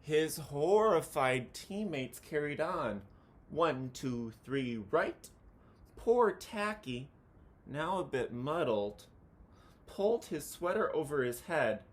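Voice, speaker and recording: A man reading a children's picture book aloud, chanting the counting cheers with animated delivery. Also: fairly high pitch, takes it slowly.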